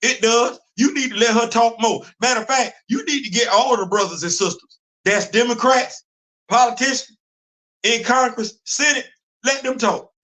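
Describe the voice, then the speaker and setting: A man hosting a casual live-stream chat about comics and culture, animated and repeating phrases for emphasis. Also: very high-pitched, normal speed, rough recording.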